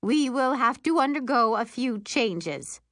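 A woman voicing a stern female school principal making formal announcements, measured and deliberate. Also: on the high side, lively intonation, a bit bright, dry recording, studio quality, pitched above the performer's own voice. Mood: announcing.

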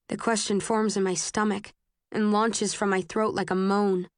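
A woman reading a first-person novel aloud in a measured, even way. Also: medium pitch, clear, resonant tone, dry recording, clean studio sound. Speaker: audiobook narrator.

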